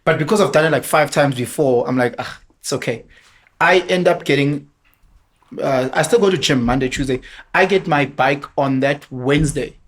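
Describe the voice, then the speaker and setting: South African man, animated storyteller. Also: on the high side, moderate pace. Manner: animated, laughing, mixes in Zulu. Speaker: podcast guest. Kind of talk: casual storytelling chat.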